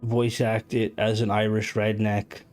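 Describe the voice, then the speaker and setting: A man's voice: on the low side, completely flat delivery, a little slow, a little mellow, soft background music. A man streaming and chatting casually, rambling with lots of fillers, restarts and swearing. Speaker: game streamer. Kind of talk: casual live-stream chat.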